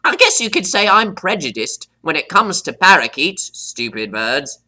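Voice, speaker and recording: A man voicing a cocky, hot-tempered male pet parrot who teaches vocabulary, boasting and stopping to define words, with squawky high jumps on "right?". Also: big pitch swings, normal speed, sharp tone, full character voice. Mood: boastful. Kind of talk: scripted vocabulary lesson.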